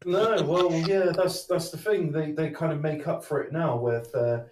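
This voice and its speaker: A man chatting casually on a stream, rambling with halting restarts. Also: on the high side, darkish tone. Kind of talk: casual chat. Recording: roomy, distant mic, faint noise.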